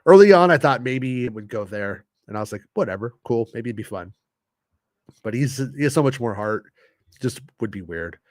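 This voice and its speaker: Man, casual livestream talk, slightly sick, mid pitch, dry close sound, swears freely. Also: expressive, moderate pace, no room sound. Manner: chatty, reads quotes then reacts with swearing and laughs. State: slightly ill, coughing and clearing throat. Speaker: host reading an interview article.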